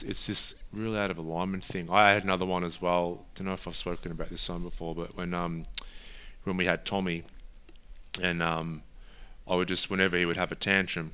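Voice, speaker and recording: A man's voice: deep voice, sharp tone, clear, resonant tone. A man co-hosting a podcast, earnest and reflective in casual chat. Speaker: podcast co-host.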